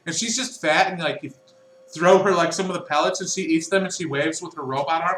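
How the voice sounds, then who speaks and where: A man narrating a tabletop game as game master, his voice bright and a bit high. He tells the scene in a lively way, laughing along and raising his voice when things go wrong. The room is echoey, with faint noise underneath. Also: brisk. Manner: lively, laughing storyteller who shouts in big moments.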